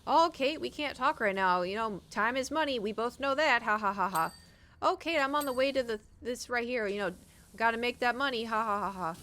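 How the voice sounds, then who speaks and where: A woman's voice: on the high side, fairly quick, pushed and bright. A woman doing a money-obsessed merchant guy. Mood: salesy. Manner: chuckling, salesy, breezy. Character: money-obsessed cheery male merchant villager.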